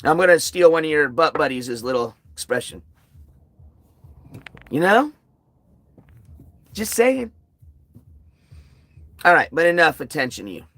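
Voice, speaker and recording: A man's voice: on the high side, fast, hardly any pauses, fairly bright tone, dry recording. A tired man hosting a casual outdoor livestream at night, talking bluntly and sarcastically to his chat. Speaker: livestream host.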